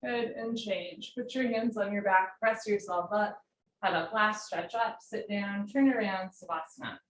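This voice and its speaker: A woman instructing a live yoga class from home, giving calm posture cues with chatty, encouraging asides. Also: mid-range voice, unhurried. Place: home room. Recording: roomy home recording.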